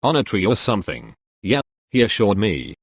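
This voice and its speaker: A man with a somewhat low voice reads short anecdotes aloud one after another. His delivery is steady and matter-of-fact, with a dry, close sound. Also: normal speed, husky, no echo. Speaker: narrator reading online posts.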